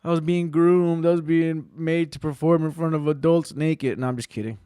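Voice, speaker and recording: A man's voice: on the high side, steady tone, moderate pace, dark tone, clear, resonant tone, no echo, studio quality. Rambling, profane man hosting a podcast. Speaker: podcast host. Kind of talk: casual solo podcast storytelling.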